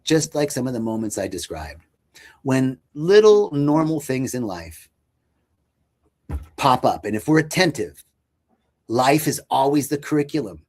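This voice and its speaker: A man speaks earnestly about inner growth, searching for words with frequent fillers and restarts. His voice sits at an ordinary middle pitch, and he talks in a reflective storytelling way. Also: very animated, a little slow, pauses often, a little mellow. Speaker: podcast guest.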